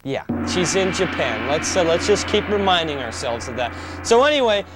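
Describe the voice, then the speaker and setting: A man's voice: on the high side, very animated, normal speed, heavy background noise. A man hosting a kids' TV show, rambling and joking with many fillers. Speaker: kids TV host. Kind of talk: studio host patter.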